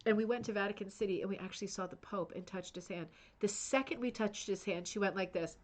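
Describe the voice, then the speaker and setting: A woman's voice: mid-range voice, quick pace, heavy background noise. A woman hosting a rug hooking club's live stream, chatting enthusiastically about a book and reading out viewer comments. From United States. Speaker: host of a rug hooking club channel.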